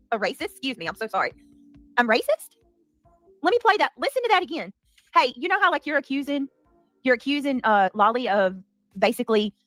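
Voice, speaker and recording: A woman hosting a heated livestream, talking fast and defensively with many restarts. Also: high voice, fairly bright tone, dry recording, clean studio sound. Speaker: livestream commentary host. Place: home.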